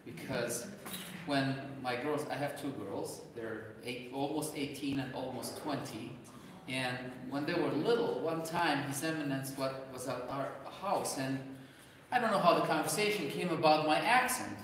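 A man in his forties with a Romanian accent, a priest, gives a parish lecture conversationally with some restarts, his voice medium-pitched and measured. He's recorded from far off in a large, echoey church hall with background noise.

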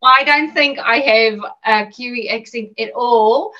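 A woman's voice: fairly high pitch, a little slow, sharp tone, distant mic, dull audio. A woman from South Africa with an Afrikaans-tinged accent, chatting casually as an interview guest with lots of ums and little laughs. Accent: Afrikaans-influenced South African English. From South Africa, Bloemfontein. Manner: chatty and self-deprecating, many ums and laughs.

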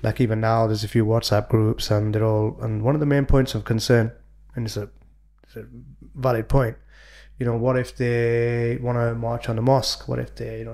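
Hesitant gravelly podcast host. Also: male voice, mid-range voice, a little mellow. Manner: hesitant, many fillers and restarts. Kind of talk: casual podcast conversation.

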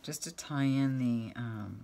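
A woman's voice: very deep voice, takes it slowly, creaky, warm tone, a little hiss or hum. A middle-aged woman chatting casually as she makes crafts at home, rambling and talking to her cat now and then. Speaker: craft vlogger.

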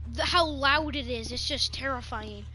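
A woman's voice: high voice, moderate pace, sharp tone. A young woman chatting casually while playing a horror game, jumpy and slangy, shrieking when scared. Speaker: gamer. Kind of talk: casual gaming chat.

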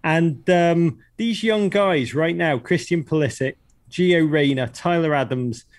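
A man's voice: a little high, measured pace, dry recording. A middle-aged man from England with a Liverpool accent, a guest in a casual radio interview who talks in a hyperbolic, exuberant way. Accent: Liverpool English. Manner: exuberant, self-described hyperbolic talker.

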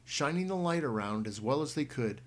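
A man reading a children's book aloud in a steady storytelling manner with small restarts. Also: mid-range voice, normal speed. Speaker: reader.

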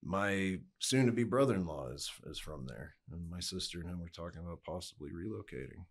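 A man's voice: sits low, a little fast. A man telling casual stories as a podcast guest, rambling with many fillers and easy swearing. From United States. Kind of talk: casual chat.

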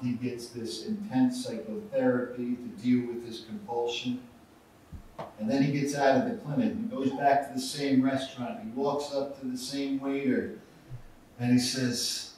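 A male pastor preaching a sermon, telling stories with animated, acted-out delivery. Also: mid-range voice, normal speed. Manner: storytelling with acted-out voices and rising intensity. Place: church sanctuary. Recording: echoey church sanctuary, from far off, faint noise.

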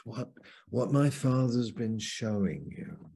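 A man preaching as a Bible teacher over a video call, slow and fervent, leaning hard on key words. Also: lowish voice, a little mellow, breathy edge.

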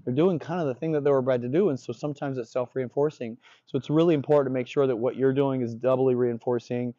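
Blunt, mellow-voiced dog trainer man. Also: medium pitch, steady tone, fast talker, no echo. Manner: blunt, profane, confident explaining. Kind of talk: casual on-the-job instruction. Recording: dull lo-fi recording.

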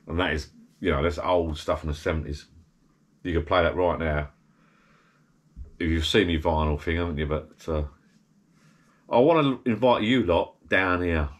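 A man's voice: low voice, normal speed, long pauses. A man rambling in casual chat from his backyard garden bar, drifting from topic to topic. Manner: rambling, digressive, chatty. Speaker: vlogger.

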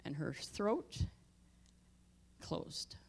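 A middle-aged woman pastor telling a personal story in a sermon, dropping her voice low for tense moments and rising loud for emphasis. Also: lively intonation, extremely slow, gravelly, husky. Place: church sanctuary.

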